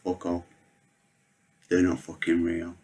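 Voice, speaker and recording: A man's voice: deep voice, fairly even intonation, normal speed, vocal fry. A man doing a blunt, sweary neighbourhood lad. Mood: scoffing. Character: rude, blunt boy from the neighbourhood.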